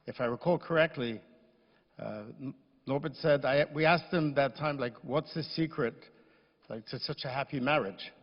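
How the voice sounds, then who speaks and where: A man giving a funeral eulogy, speaking gently and fondly as he recalls a visit. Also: medium pitch, moderate pace. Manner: gentle, reminiscing, warm toward the widow. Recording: echoey hall, dull lo-fi sound.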